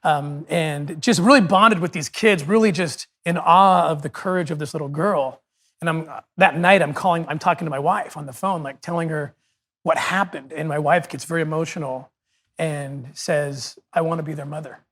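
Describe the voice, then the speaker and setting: A man's voice: fairly high pitch, moderate pace, fairly bright tone. A middle-aged man, a podcast guest, telling an emotional story in a conversational, earnest way.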